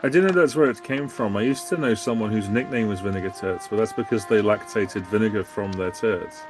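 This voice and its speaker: A man's voice: lowish voice, fairly quick, music in the background. Sardonic male podcast guest. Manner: sardonic, jokey. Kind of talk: casual comic chat.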